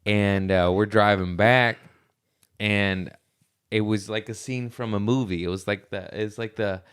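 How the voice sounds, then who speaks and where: A laid-back man tells stories in a casual podcast chat, slangy and quick to laugh. His voice is low and smooth, with a clean, resonant tone. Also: steady tone, fairly bright tone. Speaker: podcast host.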